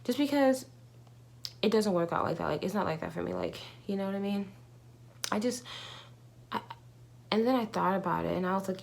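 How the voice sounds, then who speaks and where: A woman's voice: medium pitch, fairly quick, vocal fry, pauses often. A young woman talking casually to camera in a candid, rambling vlog, with many fillers and restarts. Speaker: vlogger.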